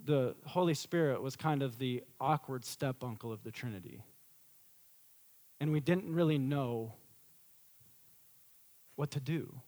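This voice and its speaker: A middle-aged man preaching a sermon as a pastor, swinging from loud emphatic peaks to a quiet storytelling tone. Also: mid-range voice.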